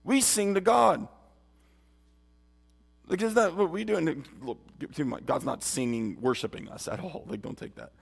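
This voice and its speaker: A man's voice: fairly high pitch, moderate pace, vocal fry, pauses often, breathy edge. A man preaching a sermon and giving his testimony, earnest and emphatic, speaking straight to his listeners. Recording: long hall reverb.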